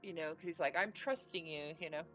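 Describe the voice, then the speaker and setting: A woman's voice: low-pitched, a little fast, fairly bright tone, soft background music, low-quality recording. A woman in her late forties telling a personal story in a rambling, casual way, full of filler words. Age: 40s. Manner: rambling, full of "you know" and "like".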